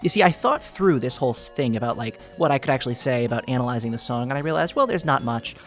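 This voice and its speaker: In a mock-serious theory video set to faint background music, a man talks fast, his mid-pitched voice leaping up and down in animated bursts. He lays out over-the-top analysis with a straight face, though he's on the verge of laughing.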